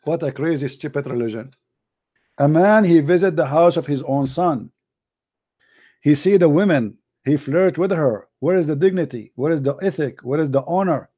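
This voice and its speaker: Combative high-voiced man hosting a debate. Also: moderate pace, dark tone, breathy edge. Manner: mocking, combative, repeats himself. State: losing his voice. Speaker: debate show host. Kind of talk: heated call-in debate.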